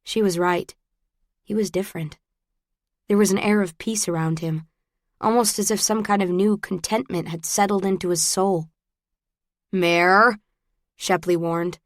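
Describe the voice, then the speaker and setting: A woman narrating a romance audiobook in first person, with even, close storytelling on a studio mic. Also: medium pitch, moderate pace, no echo.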